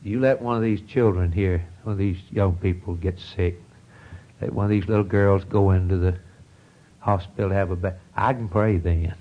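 A man's voice: low voice, steady tone, moderate pace, narrow, tinny audio. A man preaching a sermon in a folksy, earnest storytelling manner, with rising outbursts.

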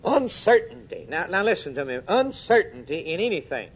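Emphatic preacher man, soft to loud. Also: very animated, moderate pace, breathy edge, dull audio. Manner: emphatic, swinging from loud urgent peaks to soft low drops; addresses the congregation directly with questions. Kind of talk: sermon.

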